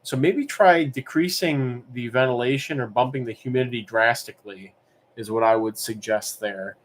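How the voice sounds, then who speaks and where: A man hosting a live-streamed auction, chatting casually in a relaxed, rambling way as he answers chat questions between calls. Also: medium pitch, normal speed. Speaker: livestream auction host.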